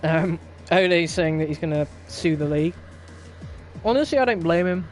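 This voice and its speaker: A man's voice: a little high, expressive, moderate pace, soft background music. A young man hosting a racing league stream, chatting casually in a wry, rambling way and laughing often. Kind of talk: casual live-stream chat.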